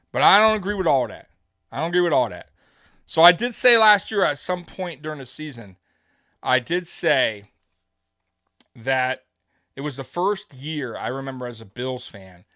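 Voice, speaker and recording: A man hosting a live sports fan show, rambling and heated as he talks straight to his viewers. His voice sits a little high for a man, and the sound is dry and close with no room echo. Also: a bit bright.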